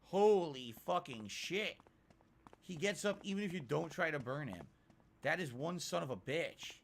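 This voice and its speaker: A man talks through a horror game in loose, profane commentary, his pitch jumping around a lot. He sounds mid-range in pitch. A faint room ambience hangs behind him. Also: animated, normal speed, vocal fry, a little hiss or hum. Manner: swearing, frustrated, bursts into alarmed shouts. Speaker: game streamer. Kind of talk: casual let's-play commentary.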